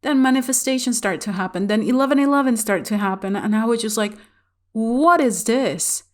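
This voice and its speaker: A woman's voice: on the high side, fast talker. A woman vlogger casually telling a personal spiritual story to the camera, candid and chatty, with frequent fillers and laughs.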